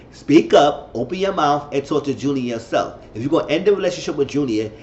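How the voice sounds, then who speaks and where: A man talking through a casual reality TV recap at a mid-range pitch, slipping into the voices of the people he quotes. The room is echoey and the sound is a little dull, with a faint noise underneath. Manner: animated, acts out quoted dialogue. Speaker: show reviewer.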